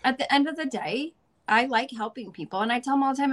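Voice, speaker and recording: A woman from the Midwestern US, a guest chatting casually in an interview, upbeat and goofy, laughing often. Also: high voice. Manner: goofy, upbeat, talks in quick bursts with laughs.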